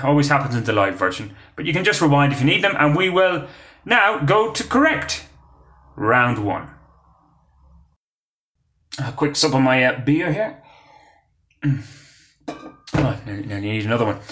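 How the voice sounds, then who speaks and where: A man's voice: mid-range voice, pushed and bright, roomy sound. A man hosting a casual quiz podcast, joking between questions with lots of fillers. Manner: chatty, joking asides, frequent uh fillers. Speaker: quiz host. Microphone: phone.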